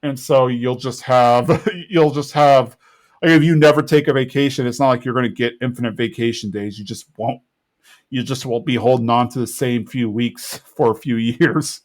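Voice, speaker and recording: A man co-hosting a podcast, his voice sitting at a middling pitch. He walks through a cartoon episode in a loose, rambling way, quoting the characters' lines as he goes. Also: steady tone, normal speed. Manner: rambling plot retelling with quoted character lines. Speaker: podcast co-host. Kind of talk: casual recap chat.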